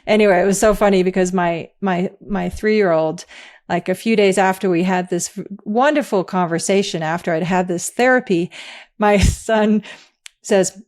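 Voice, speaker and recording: A woman's voice: medium pitch, moderate pace, a little mellow. A middle-aged woman, an interview guest, speaking candidly and reflectively, often breaking into laughter.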